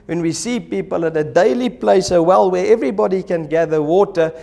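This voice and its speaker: Animated pastor preaching. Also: male voice, sits high, a little fast, creaky. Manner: animated, acts out quoted voices. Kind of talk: sermon. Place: church.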